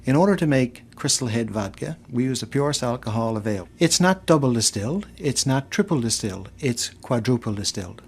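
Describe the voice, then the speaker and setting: Husky, matter-of-fact corporate man. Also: mid-range voice, expressive, brisk, few pauses, darkish tone. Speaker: liquor company spokesman. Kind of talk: scripted corporate explanation.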